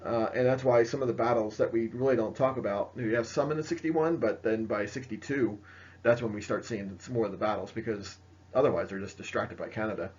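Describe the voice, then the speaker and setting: A man's voice: on the low side, brisk, a little mellow, slightly rough, lo-fi sound. A man giving a casual history lecture, full of fillers and asides as he points to slides. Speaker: history teacher. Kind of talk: recorded classroom lecture.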